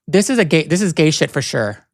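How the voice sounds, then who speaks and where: A man's voice: fairly high pitch, sing-song, brisk, vocal fry, no echo. A man hosting a podcast in a casual, rambling and playful way. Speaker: podcast host.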